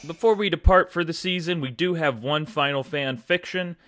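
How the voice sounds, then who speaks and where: A man's voice: on the high side, normal speed, a bit bright, no room sound, clean studio sound, soft background music. A man hosting a scripted comedy podcast with an upbeat, polished delivery. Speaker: podcast host.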